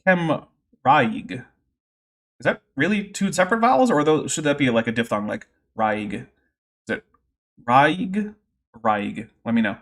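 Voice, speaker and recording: A man's voice: fairly high pitch, sing-song, quick pace. A man hosting a livestream, explaining science in a casual, nerdy way with many fillers. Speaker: host.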